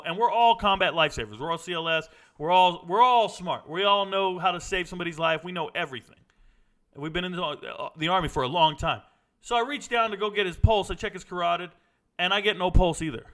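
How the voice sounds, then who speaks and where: Bright-voiced man telling a blunt story. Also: sits high, brisk. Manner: animated, blunt, swears casually. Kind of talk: casual storytelling.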